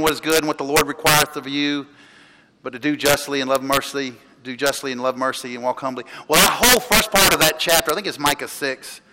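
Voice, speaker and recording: A pastor preaching a sermon in a church, talking in a chatty storytelling way, with restarts and laughs. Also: male voice, a little high. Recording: long hall reverb, loud background noise.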